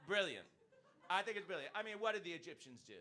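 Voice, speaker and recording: An American man in his fifties performing a stand-up comedy set, swinging between low asides and loud bursts. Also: big pitch swings, quick pace, noisy background. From United States. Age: 50s. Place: comedy club stage before a live audience.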